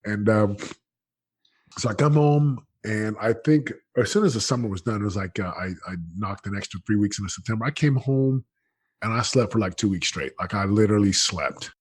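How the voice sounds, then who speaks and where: Husky-voiced man telling a story. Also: fairly low pitch, a little fast. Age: late 30s. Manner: energetic, emphatic, full of slang and restarts. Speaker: guest. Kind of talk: casual storytelling in an interview.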